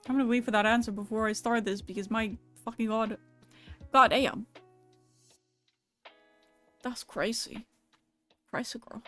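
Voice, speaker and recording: A woman's voice: on the high side, fairly even intonation, fairly bright tone, faint music behind. A young woman streamer chatting casually and reading viewer messages aloud, swearing freely in a loose, joking way. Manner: casual, profane, quick to laugh.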